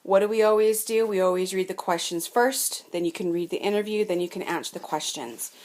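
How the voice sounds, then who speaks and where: A woman's voice: fairly low pitch, a little fast, darkish tone. A woman teaching fourth graders a reading lesson from home, explaining patiently in a sing-song way and stretching out sounds. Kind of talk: remote lesson to children.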